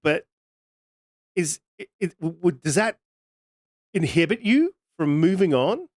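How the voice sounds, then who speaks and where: Higher pitched dude on a gaming pod, jokey, rambly, dry mic. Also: male voice, big pitch swings, measured pace, darkish tone, no room sound. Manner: joking, sarcastic, rambling with lots of likes. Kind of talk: casual podcast chat.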